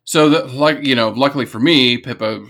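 An American man from California, a podcast guest who tells a personal story in a lively, casual way and laughs easily. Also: medium pitch, moderate pace.

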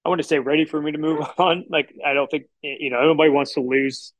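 A man's voice: a little high, fairly even intonation, brisk, dry recording, rough recording. Man from Houston, dry close sound. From Houston, Texas. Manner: rambling storyteller who acts out quotes. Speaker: chef and restaurant owner, guest. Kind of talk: casual podcast interview.

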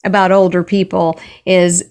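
A woman's voice: on the low side, little pitch movement, normal speed, a little mellow, clean tone. An earnest woman author telling stories as a guest, often restarting her sentences. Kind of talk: conversational interview.

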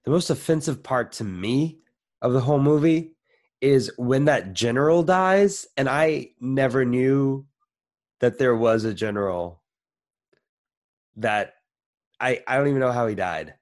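A man's voice: mid-range voice, a little slow, pauses often. An easygoing man in a loose movie discussion. He jokes, cuts in on his co-host and makes his point in plain, offhand talk. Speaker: podcast co-host. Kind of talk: casual movie review chat.

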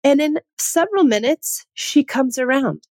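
A woman's voice: high-pitched, lively intonation, moderate pace, dry recording. Earnest woman podcast host, dry close sound. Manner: earnest, explaining, gently persuasive. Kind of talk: solo podcast talk.

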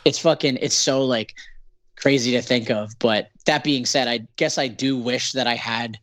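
A man's voice: mid-range voice, steady tone, moderate pace, fairly bright tone, no echo. Sarcastic, rambling Canadian man. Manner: sarcastic, profane, rambling with many fillers. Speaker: band singer, guest. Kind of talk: casual podcast interview.

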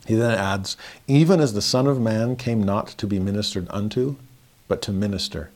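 Speaking at a normal speed with a darkish tone, a man works through scripture one verse at a time, keeping it conversational, often chuckling and going up in pitch when he wants to emphasize something.

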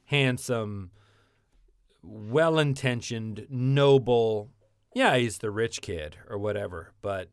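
A man in a relaxed podcast chat about actors and TV shows, rambling and animated with lots of restarts. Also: on the low side, slow, clean tone, dry recording, studio quality.

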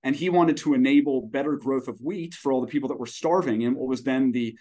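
A man's voice: medium pitch, brisk, warm tone. A man in his forties, a startup CEO guest on a podcast, talking in an expansive, folksy way with long storytelling tangents. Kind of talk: conversational podcast interview.

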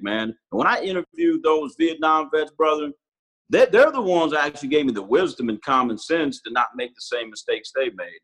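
A man's voice: fairly high pitch, animated, moderate pace, a bit bright, poor audio. A Marine sergeant major in his forties, a man telling personal stories candidly and casually, often calling the host brother. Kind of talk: candid conversational storytelling.

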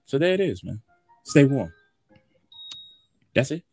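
A man from Atlanta co-hosting a morning show, giving the weather in a loud, hyped-up way and calling everyone "man". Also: mid-range voice, big pitch swings, a little slow, music in the background. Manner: loud hype delivery, calls everyone man. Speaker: co-host doing the weather. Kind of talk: casual morning show banter.

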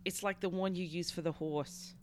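A woman's voice: lowish voice, fairly even intonation, normal speed, no room sound. A woman hosting a comedic podcast, bawdy and joking, with frequent giggles. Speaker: podcast host. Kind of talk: casual comedic chat.

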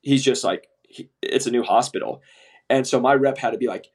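A young man co-hosting a casual podcast about medical device sales, telling lively stories and acting out the people he quotes. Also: medium pitch, a little fast, husky. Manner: animated storyteller, acts out quoted voices, swears casually.

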